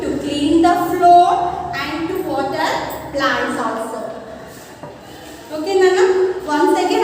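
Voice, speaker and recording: A woman teacher with an Indian English accent, giving a slow lesson and spelling out words letter by letter. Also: very high voice, slight background noise. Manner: slow, repetitive, addresses the class as Nana. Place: school classroom. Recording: echoey classroom, voice from far off.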